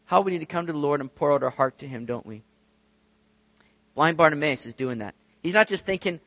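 Expressive male pastor preaching a sermon. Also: on the high side, a little fast, no echo. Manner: expressive, acts out quoted voices.

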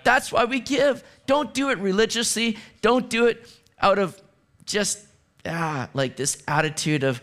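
A man preaching a sermon as pastor, animated, moving from hushed asides to excited exclamations. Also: sits high, unhurried.

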